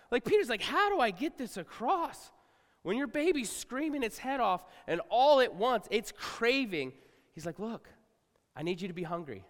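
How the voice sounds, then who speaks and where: A middle-aged male pastor preaching to a congregation, talking casually and swinging from quiet asides to loud outbursts. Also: high voice. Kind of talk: sermon. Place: large church hall. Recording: live sermon with long hall reverb.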